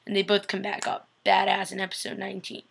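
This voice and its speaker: A woman's voice: mid-range voice, completely flat delivery, fast talker, gravelly, noisy background. A young woman chatting casually in a vlog, recapping a TV episode and acting out lines as she goes. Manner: chatty and gushing, acts out quotes. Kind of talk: casual chat.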